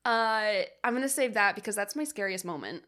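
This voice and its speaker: A woman's voice: medium pitch, lively intonation, brisk, a bit bright. A woman co-hosting a podcast, chatting casually and playfully about a horror film, laughing often. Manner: giggly, playful, quotes scenes in funny voices. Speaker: podcast co-host.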